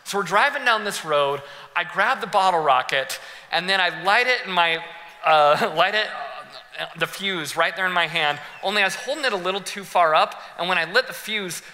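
A young male pastor preaches, spinning animated stories and acting out every scene. His voice rides a little high and sounds strikingly bright and sharp. It rings through a large church hall with long reverb trailing after it. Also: moderate pace. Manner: animated, laughing storyteller who acts out scenes. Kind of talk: sermon with personal storytelling.

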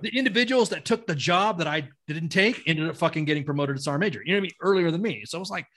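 A man's voice: a little high, rapid-fire, fairly bright tone. A middle-aged man, a non-native English speaker and army veteran, telling war stories in a blunt, profane, rambling way full of restarts. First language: not English. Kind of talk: casual storytelling.

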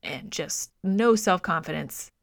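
A woman co-hosting a podcast, recapping a film in a profane, exasperated, animated way. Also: on the low side, unhurried, creaky, dry recording, clean studio sound. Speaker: podcast co-host. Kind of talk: casual movie review chat.

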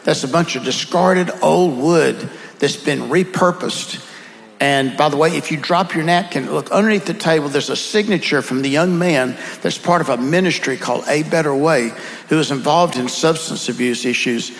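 Southern man, slightly high, gravelly, relaxed folksy speaker, reverberant room. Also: moderate pace. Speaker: guest speaker. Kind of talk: conversational storytelling.

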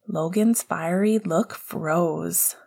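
A woman narrating an audiobook chapter in a calm, even storytelling manner. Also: lowish voice, very slow, vocal fry, slightly rough. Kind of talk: audiobook narration of fan fiction.

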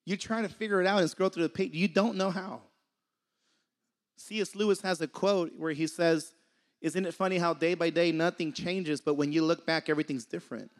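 A man's voice: on the high side, fairly even intonation, fairly quick. A young man giving a casual sermon, conversational and laughing often, sometimes losing his train of thought. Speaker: preacher.

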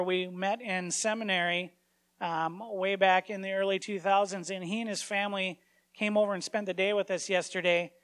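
A man's voice: high voice, fairly bright tone, smooth. A man in his forties giving a conversational sermon as a pastor, informal and story-driven, with frequent fillers and restarts.

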